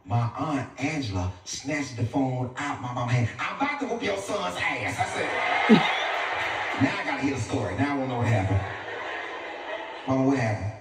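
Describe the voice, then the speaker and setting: A man doing stand-up storytelling, animated and squealing in high voices when he acts out his family. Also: moderate pace, pauses often, very echoey, over music. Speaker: stand-up comedian. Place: live comedy stage. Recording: far-off mic with loud crowd laughter. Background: audience laughter.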